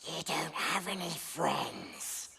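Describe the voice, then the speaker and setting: A man playing a hissing, spiteful creature who taunts and bullies in a gravelly whisper, in a film scene. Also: a little high, very animated, takes it slowly, over a noisy crowd, exaggerated voice. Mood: taunting. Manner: taunting, bullying. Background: film score.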